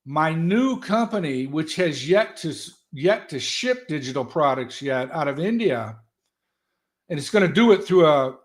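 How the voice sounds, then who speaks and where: A man telling stories as a guest in an animated, folksy, loud way. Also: on the high side, a little slow. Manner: animated, folksy storyteller who talks loud. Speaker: guest, political strategist. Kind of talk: casual motivational talk.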